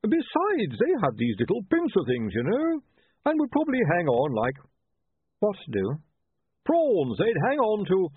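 A man reading aloud plays a blustering older chief priest, pitched well above his own voice and blurting his words out. The voice is husky and comes through a thin, phone-like line. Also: unhurried, no echo, full character voice. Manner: excitable, blurting.

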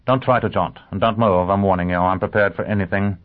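Crisp, assured male lawyer voiced by a man, lively delivery, tinny phone-like sound. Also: mid-range voice, moderate pace, voice pushed up. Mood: brisk. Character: brisk, confident male lawyer.

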